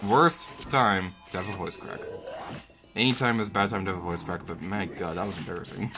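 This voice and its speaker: A man giving jokey let's-play commentary, who rants and yells at enemies in the game. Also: low voice, a little fast, music in the background.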